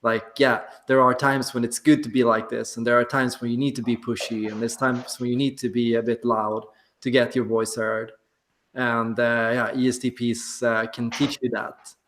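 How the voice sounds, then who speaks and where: A man's voice: mid-range voice, level tone, moderate pace, a bit bright. A man in casual group discussion, reflective and hesitant, with many fillers.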